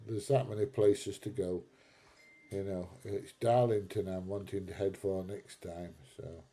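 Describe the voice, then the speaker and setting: A man's voice: deep voice, steady tone, unhurried, dark tone. A middle-aged British man hosting a live stream, chatting casually through viewer comments, laughing often and calling people mate. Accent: British English.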